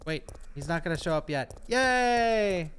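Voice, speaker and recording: A male streamer giving live gameplay commentary, excitable and chatty with his viewers. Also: high voice, moderate pace, slight background noise. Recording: game music behind voice.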